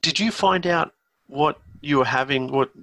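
A man's voice: a little high, moderate pace, sharp tone, no room sound. A middle-aged Australian man co-hosting a podcast in chatty, self-deprecating casual talk. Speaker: podcast co-host. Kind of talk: casual chat.

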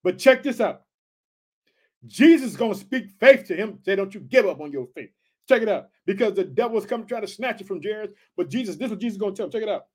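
A man, reading scripture aloud and then talking straight to his listeners. His delivery is excited and emphatic, full of slang, and he calls the audience family. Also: high-pitched, fast talker. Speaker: preacher. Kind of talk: informal sermon reading scripture.

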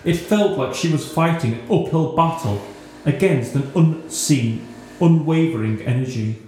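A man narrating a scripted story in a steady, newsreader-like reading, in a very echoey room. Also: medium pitch, normal speed.

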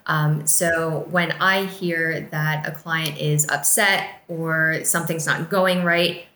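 Bright-voiced woman in an echoey room. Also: low-pitched, fairly even intonation, takes it slowly. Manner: earnest, emphatic, lightly laughing. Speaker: podcast co-host and business team member. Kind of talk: casual business podcast chat.

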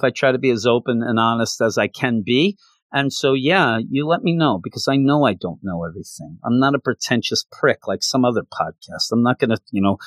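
A male podcast host chatting casually in a mid-pitched voice, joking and poking fun at himself as he rambles. He is close to the mic in a dry, dead room. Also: fairly bright tone, no room sound. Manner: rambling, self-deprecating, jokey. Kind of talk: casual chat.

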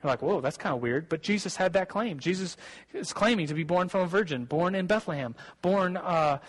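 A man's voice: high voice, fairly quick, low-quality recording. A young man, a pastor, preaching a casual sermon and telling a personal story, with many restarts and asides.

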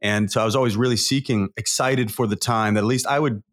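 A man's voice: fairly low pitch, fairly even intonation, fast, a bit bright. A man in his forties, a guest coach on an interview show, telling personal stories in an earnest, emotional, rambling way. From Southern California. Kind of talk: candid interview storytelling.

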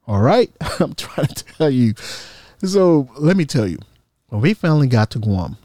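A man tells a funny story from his own life in a casual, lively way, his voice leaping around in pitch. His tone is mellow and dark. The room is dry, with no echo. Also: normal speed. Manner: animated, humorous, acts out quoted voices.

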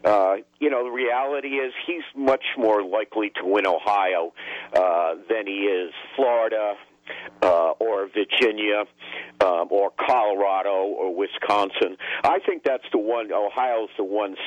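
A man, a political strategist guest on a radio call-in show, speaking haltingly with many filler pauses. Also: on the low side, dry recording. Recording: dull lo-fi phone line.

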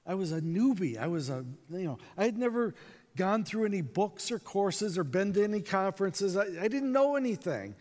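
A man in his sixties from North Dakota speaks to a conference crowd in a fairly high voice. He tells his story with animation and acts out the quoted lines. A long reverb from the big hall trails after his words. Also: very animated, normal speed, a little mellow. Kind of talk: storytelling talk to a conference audience.

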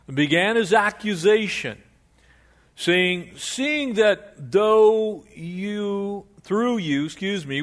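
An older pastor with a fairly high voice preaches an expository sermon. His delivery is animated and conversational, and he frequently restarts his sentences.

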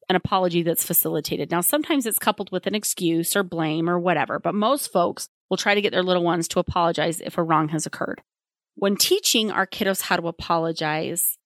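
Woman, child therapist, chatty, acts out quotes, slightly low voice, dry sound. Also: no echo. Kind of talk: casual advice monologue.

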